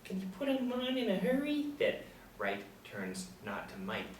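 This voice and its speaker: A man reading the part of a boastful, folksy male drifter who calls himself a soldier of fortune, talking with swagger and sudden loud bursts. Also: sits high, wildly swooping pitch, normal speed. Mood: folksy boasting. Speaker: table-read actor. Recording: roomy, distant mic, faint background hum.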